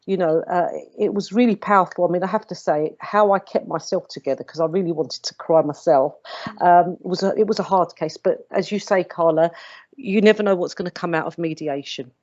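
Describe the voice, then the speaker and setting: A woman's voice: on the low side, brisk, darkish tone, dry recording, dull audio. A woman, a mediator on a video panel, telling a case story earnestly with many hesitant restarts.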